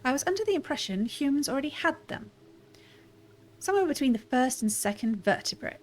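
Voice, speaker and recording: A woman's voice: high voice, very animated, fairly quick, pitched above the performer's own voice. A woman reading aloud the lines of a formal, dutiful male robot servant in a stiff, polite manner. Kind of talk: reading game dialogue aloud.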